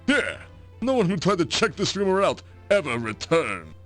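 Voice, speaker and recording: A man's voice: a little high, huge pitch swings, normal speed, a bit bright, soft background music. An actor playing a cheerful, joking male village drinker in a video game, with a bubbly, singsong manner. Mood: jovial.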